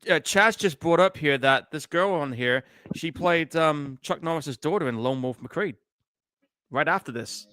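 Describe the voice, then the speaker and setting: A man co-hosting live movie commentary, chatting with excitable, laughing banter. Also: a little high, unhurried, no echo, studio quality. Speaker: co-host.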